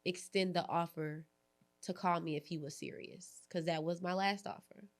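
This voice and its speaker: A young adult woman hosting a candid podcast conversation, telling animated stories, acting out quoted lines and laughing often. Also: lowish voice, normal speed. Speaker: podcast host.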